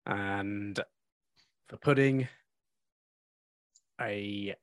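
A man co-hosting a podcast, easygoing and quick to laugh. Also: fairly low pitch, no room sound. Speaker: podcast co-host. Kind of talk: casual chat.

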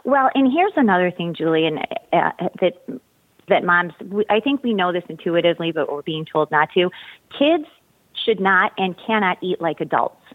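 A woman's voice: on the low side, expressive, normal speed, no room sound. A woman in her forties, a mother, in emphatic casual chat full of "you know". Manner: chatty, emphatic, many fillers like "you know". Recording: dry tinny phone-like sound.

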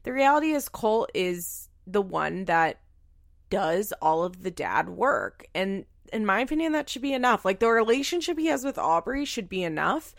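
A woman's voice: medium pitch, sing-song, moderate pace, gravelly, no room sound, clean studio sound. A woman recapping a reality show in casual, incredulous commentary, swearing freely.

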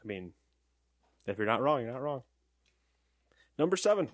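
A man's voice: mid-range voice, brisk, no room sound, studio quality. A young man co-hosting a casual gaming news podcast, joking and laughing often as he reads stories. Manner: jokey, animated, laughs often. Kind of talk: casual chat.

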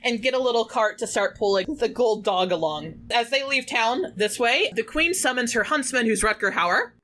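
A woman talking in a bright, forceful voice that sits a touch high, casually chatting as a podcast co-host. She recaps a story scene by scene, filling her sentences with "like" and quickly acting out bits of dialogue as she goes. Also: lively intonation. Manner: recaps the plot with lots of "like", acting out lines in passing. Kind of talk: casual chat.

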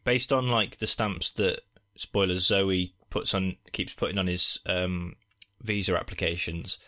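A man's voice: deep voice, steady tone, measured pace, sharp tone. A man co-hosting a podcast, explaining film details at length in a casual chat and often restarting his sentences. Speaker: podcast co-host.

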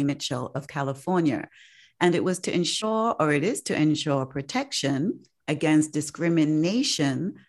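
A woman hosting a casual podcast chat, chatty and emphatic, often laughing. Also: low-pitched. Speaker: podcast host.

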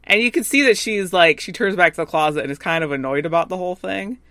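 A woman's voice: on the low side, sharp tone, no echo. A woman co-hosting a casual podcast, retelling scenes and peppering her speech with "like". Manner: retells scenes with quick acted quotes, filler "like". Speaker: podcast co-host. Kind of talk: casual recap chat.

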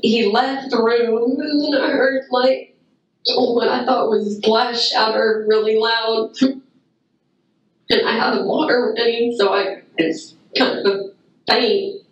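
A woman giving a halting, whimpering account in a recorded police interview, heard on an echoey archive recording. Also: on the high side, steady tone, far from the mic, highs cut off. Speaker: caller reporting an emergency.

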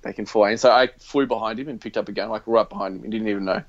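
A man's voice: fairly low pitch, fairly even intonation, racing. A young man, chatting casually as a podcast co-host and telling a rambling story, acting out the lines he quotes. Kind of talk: casual chat. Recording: dull, lo-fi, dry.

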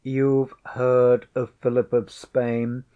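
A man's voice: mid-range voice, monotone, takes it slowly, phone-quality sound, voice pushed up, close to an everyday voice. A man voicing a proud, teasing noblewoman, a disguised queen, with archaic, haughty, wry speech in a storybook reading. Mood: wry, regal. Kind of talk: audiobook character voice.

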